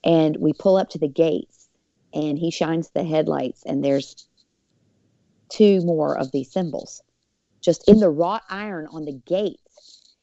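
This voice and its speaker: Female guest, dark and dry, chatty storyteller who acts out the voices of others. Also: low-pitched, slow pace, long pauses, dry recording, lo-fi sound. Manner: lively, acts out quoted voices; many fillers. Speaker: podcast guest. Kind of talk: personal storytelling.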